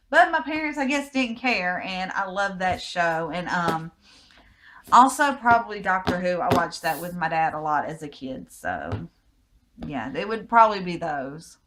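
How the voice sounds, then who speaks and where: A woman's voice: medium pitch, background noise. An American woman with a Southern accent, answering a list of personal questions in a casual vlog with easygoing, rambling replies. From United States. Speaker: vlogger.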